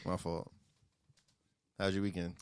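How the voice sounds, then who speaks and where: A man co-hosts a podcast with a relaxed, easygoing delivery and laughs often. His voice is somewhat low. The mic is close and dry, with no room sound. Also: a little slow, clear, resonant tone, no room sound. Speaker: podcast co-host. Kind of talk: casual chat.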